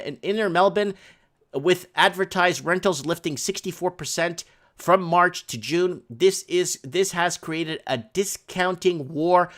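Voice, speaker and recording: Man hosting a rambling market talk. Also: fairly high pitch. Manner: rambling asides, works sums out loud. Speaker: host of a housing market talk show. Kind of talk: reading news aloud with commentary.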